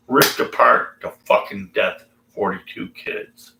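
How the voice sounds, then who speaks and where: A man's voice: lowish voice, lively intonation, a little slow, vocal fry, bright, forceful tone, roomy sound, slight background noise, poor audio. A man ranting sarcastically and profanely while reading scripture aloud. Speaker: atheist video commentator.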